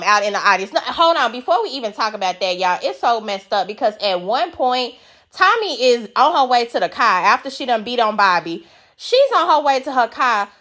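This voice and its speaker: A woman giving a casual, blunt recap of a reality show, swearing freely and acting out the cast's lines. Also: fairly high pitch. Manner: animated, blunt, swears, acts out quotes in a raised voice.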